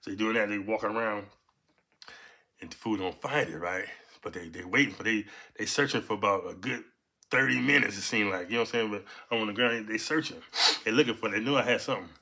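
A man in his fifties from Los Angeles, telling a personal story in animated, profane street talk. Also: quick pace. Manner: animated, profane, punctuates with "boom". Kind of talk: casual storytelling.

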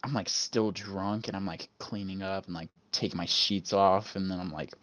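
A man's voice: low-pitched, fairly even intonation, normal speed, a bit bright, dry recording. A young man hosting a podcast, telling a story in casual chat with crude, rambling swearing. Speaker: podcast host.

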